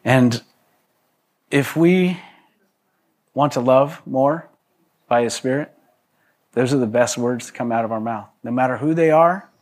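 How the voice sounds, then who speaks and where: A man's voice: mid-range voice, unhurried, pauses often, a little mellow. A man preaching to a congregation in a loose, conversational way, with joking asides and frequent restarts. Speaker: pastor. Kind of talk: conversational sermon.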